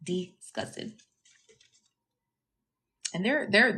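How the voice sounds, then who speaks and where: A woman's voice: mid-range voice, slow pace, fairly bright tone. A young adult woman giving a casual tarot reading to her viewers, brash, profane and teasing, often breaking into laughter. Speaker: tarot reader.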